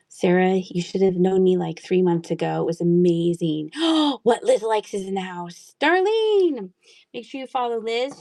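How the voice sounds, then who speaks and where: A woman's voice: mid-range voice, a little mellow. A middle-aged woman chatting casually while selling items in a live online auction, laughing often and sometimes dropping to a near-whisper. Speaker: livestream seller.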